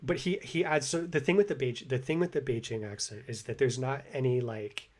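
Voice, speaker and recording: Dude chatting about learning chinese, native english speaker, lots of um's and restarts, mid-pitched. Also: male voice, fairly quick. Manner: rambling, lots of fillers and restarts. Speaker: language-learning video host. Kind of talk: casual commentary.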